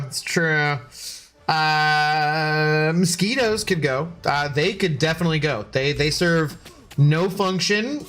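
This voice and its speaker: This male streamer's voice is a little high with a fairly bright tone. Playing a game live, he reads chat and chats casually with his audience, cracking jokes, being sarcastic, and cursing freely.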